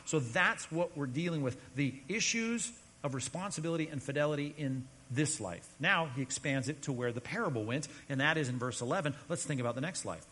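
Husky-voiced preaching man in a reverberant hall. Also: mid-range voice, expressive, a little fast. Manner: emphatic, conversational preaching with sudden drops to quiet. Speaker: pastor. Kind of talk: sermon.

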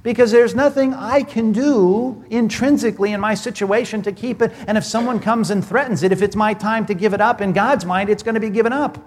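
Man, pastor, conversational sermon, rhetorical questions, higher voice, reverberant hall. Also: fairly quick, few pauses.

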